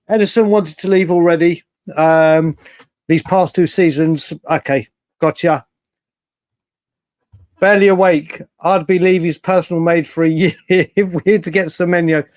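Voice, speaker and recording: A man hosts a late-night live stream with a fairly high voice, rambling through viewer comments with plenty of restarts. His voice is close and dry on the mic, with little room sound. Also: no room sound. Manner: chatty, rambling, restarts often, reacts to chat. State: hiccups. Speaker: livestream host. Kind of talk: casual live-stream chat reading comments.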